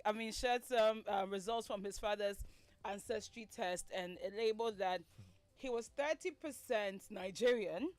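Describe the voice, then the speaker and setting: A woman's voice: a little high, dry recording. A woman with a Ghanaian accent presenting entertainment news on a radio show, playful and teasing in her banter. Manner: playful, teasing, bursts into laughter. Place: radio studio. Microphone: studio microphone.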